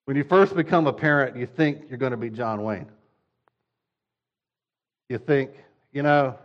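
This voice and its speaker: A man's voice: mid-range voice, unhurried, pauses often. A man delivers a humorous sermon about parenting, his energy swinging as he acts out little scenes. His voice sits in a middle register. The recording is a bit dull and lo-fi. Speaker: father.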